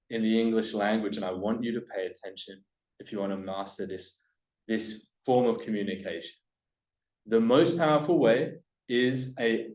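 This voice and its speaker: A man presenting a workshop to a live audience, emphatic and coaching, swinging between loud points and hushed asides. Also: lowish voice, normal speed, echoey room, low-quality recording. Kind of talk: live seminar teaching to a room.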